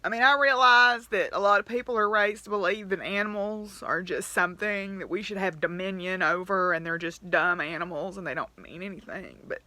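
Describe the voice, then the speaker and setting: A woman, talking in a rambling, candid diary vlog with soft laughs and fillers. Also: mid-range voice, brisk, hardly any pauses. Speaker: vlogger.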